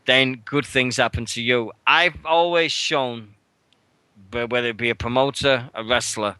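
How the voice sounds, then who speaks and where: A British man hosting a wrestling radio show, telling a rambling, swear-filled anecdote and shouting out the quoted lines. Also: medium pitch, measured pace, clear, resonant tone, no room sound. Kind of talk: casual storytelling chat.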